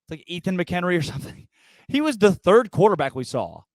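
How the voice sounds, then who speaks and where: A man from Arkansas hosts a casual sports podcast, talking in a fired-up, emphatic way and restarting his sentences often. His voice sits a little high and swings widely in pitch. The sound is close and dry. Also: sing-song, a little fast, no echo. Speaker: podcast host.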